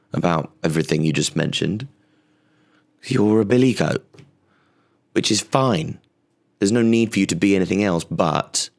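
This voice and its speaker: A man doing an impression of a measured male statesman. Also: low voice, gravelly, pitched below the performer's own voice. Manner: slow, hesitant, restrained.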